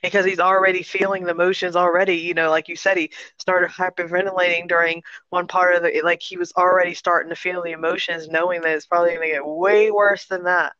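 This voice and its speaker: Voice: mid-range voice, level tone, fast, few pauses, sharp tone, dry recording. A co-host on a casual true-crime podcast, musing aloud and asking questions, with restarts. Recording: dull, dry lo-fi recording.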